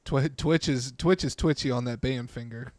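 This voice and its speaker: A man's voice: mid-range voice, moderate pace, darkish tone, dry recording. A man hosting a casual let's-play stream, laid-back and profane, laughing often. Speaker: podcast host and streamer.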